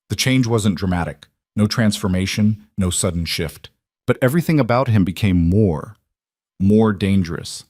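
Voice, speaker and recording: A man narrating a paranormal romance audiobook in a dramatic, measured way. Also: fairly low pitch, a little mellow, no echo, studio quality. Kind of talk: scripted narration.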